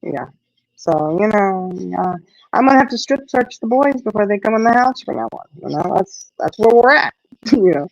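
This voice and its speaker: Woman, middle-aged, animated storyteller, dry dull sound. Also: medium pitch, normal speed, no room sound. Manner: animated storyteller, acts out quotes. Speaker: host. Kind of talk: casual chat.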